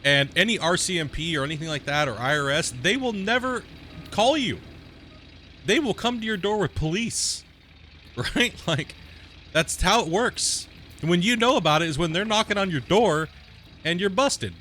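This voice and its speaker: Bright-voiced male streamer chatting casually. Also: sits high, lively intonation, normal speed, slight background noise. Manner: rambling storytelling, often tags "right?". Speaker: game streamer. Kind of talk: casual live-stream chat.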